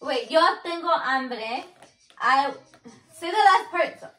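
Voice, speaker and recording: High, unhurried woman in a roomy space. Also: lively intonation, bright, forceful tone, far from the mic. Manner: playful, giggly, coaching slowly. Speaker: vlogger. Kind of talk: casual family game chat. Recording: roomy sound, voice from off-mic.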